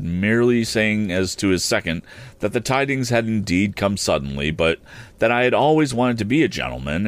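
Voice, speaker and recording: A man narrating a classic novel in the first person, measured and expressive. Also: low-pitched, no echo. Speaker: audiobook narrator.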